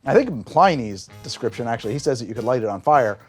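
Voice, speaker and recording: A man hosting a cocktail show, explaining a drink's history in an animated storytelling way and describing flavors aloud as he tastes. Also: medium pitch, fast, soft background music. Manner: animated storytelling with big swings in emphasis. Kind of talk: conversational explainer.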